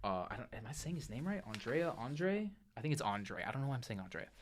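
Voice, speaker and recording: Young guy reviewing films casually, gets animated, keeps restarting his sentences. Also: on the low side, rapid-fire, slight background noise. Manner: animated, self-correcting, with frequent restarts and fillers. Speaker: host of a movie review show.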